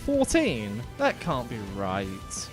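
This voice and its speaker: A man's voice: mid-range voice, huge pitch swings, slow pace, music in the background. A man streaming a video game live, chatting casually as he plays. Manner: casual, chatty, trails off quietly. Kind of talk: live gaming stream commentary.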